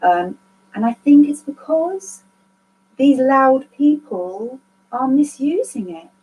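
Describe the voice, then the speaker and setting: A woman's voice: sits high, animated, takes it slowly, a little mellow, breathy edge, rough recording. A woman, speaking candidly to a support group she organizes, rambling and earnest and swearing freely. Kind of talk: candid casual group talk.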